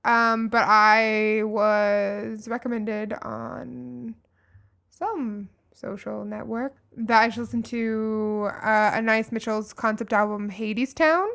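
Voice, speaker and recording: A woman's voice: on the high side, fairly even intonation, slow, vocal fry, a bit bright. A woman co-hosting a casual music podcast, chatting with many ums and restarts. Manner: hesitant, lots of ums and restarts. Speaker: podcast co-host.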